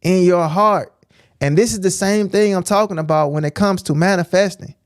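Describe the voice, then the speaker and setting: A man with a fairly high voice gives informal preaching on a livestream, punchy and repetitive, often pausing to ask "right?". His voice is close and dry, with no room sound. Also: no echo. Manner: emphatic, repetitive, keeps asking "right?". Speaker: streamer teaching scripture.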